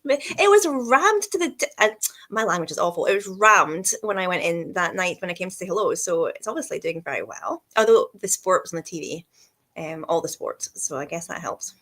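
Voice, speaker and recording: A woman hosting a casual livestream interview, bubbly and quick, laughing often and poking fun at herself. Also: on the low side, lively intonation, fairly bright tone. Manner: bubbly, quick, self-deprecating, laughs a lot. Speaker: host.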